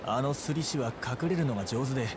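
Casting: a man as a courteous robbery victim, eager, talks very fast, game audio over street noise. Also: medium pitch, close to an everyday voice. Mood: earnest. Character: polite man robbed by a pickpocket. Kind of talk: video game dialogue.

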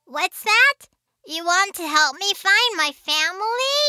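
A woman's voice: very high voice, expressive, slow pace, pushed and bright, no echo, clean studio sound, faint music behind, full character voice. A woman voicing an eager little girl shark in a cartoon, who talks to the viewers in a sing-song way. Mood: curious.

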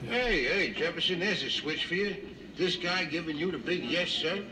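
A man's voice: on the high side, normal speed, natural voice. An actor playing a blunt, tactless middle-aged working-class man in a 1970s sitcom, on hissy old TV audio. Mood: gruff.

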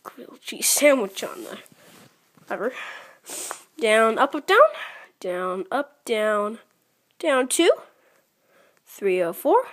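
A young woman playing a mobile game, counting her moves out loud and grumbling as she loses. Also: fairly high pitch, lively intonation, slow, pauses often. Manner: counting moves aloud, mildly frustrated. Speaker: gaming channel creator. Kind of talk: casual gameplay commentary.

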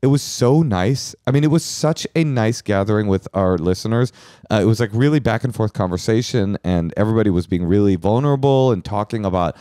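A man hosting a podcast, chatting casually and telling rambling, animated stories. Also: fairly low pitch, a little fast, dry recording, clean studio sound. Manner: rambling, animated storytelling with restarts. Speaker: podcast host. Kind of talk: casual comedic chat.

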